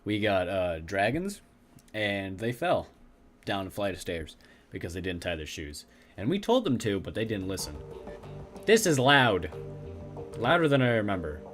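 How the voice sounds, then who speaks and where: A man's voice: lowish voice, very animated, normal speed, fairly bright tone, faint music behind. A man hosting casual gameplay commentary, joking and offhand, with occasional cursing. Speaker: gaming channel host.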